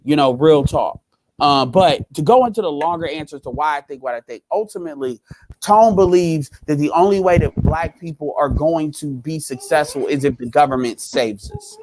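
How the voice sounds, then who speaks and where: A man's voice: on the high side, moderate pace, darkish tone, a little hiss or hum, rough recording. A man hosting a casual livestream, talking bluntly with lots of profanity and repeating his points. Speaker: livestream host.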